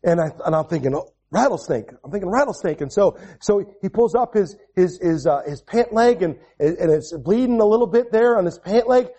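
A man in his forties preaching a sermon, repeating and restarting phrases, moving from quiet storytelling to raised proclamation. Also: high-pitched, expressive, fairly quick, hardly any pauses, husky. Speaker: pastor.

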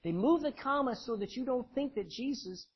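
A male preacher with a husky, breathy edge delivers an emphatic, lively sermon, his pitch swinging up and down as he drives each point home. He calls on members of the congregation by name to read passages aloud. The recording is dull and lo-fi. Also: moderate pace. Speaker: preacher teaching a Bible study. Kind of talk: interactive sermon.

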